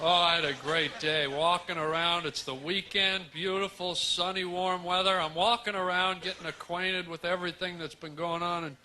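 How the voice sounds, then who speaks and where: A man's voice: high voice, level tone, moderate pace, few pauses, sharp tone. Male stand-up comic, rambling nonsense riffs, live club recording with audible background noise. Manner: rambling, absurd nonsense wordplay. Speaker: stand-up comedian. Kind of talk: stand-up comedy set. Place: comedy club stage.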